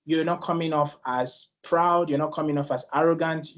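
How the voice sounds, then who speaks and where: A man's voice: fairly high pitch, steady tone, normal speed, a bit bright. A man from Nigeria with a Nigerian accent, speaking earnestly and personally as a guest on a leadership panel discussion.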